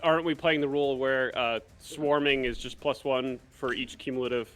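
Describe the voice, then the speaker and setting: A man's voice: mid-range voice, fairly even intonation, normal speed, a bit bright, soft background music. A man playing a tabletop game, asking questions to check the rules. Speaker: player.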